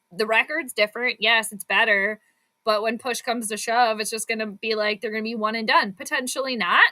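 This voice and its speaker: A woman's voice: mid-range voice, pushed and bright. A woman hosting live sports commentary for her stream, exasperated and sarcastic about her team's play. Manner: exasperated, sarcastic, fired-up fan. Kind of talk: live game commentary and chat.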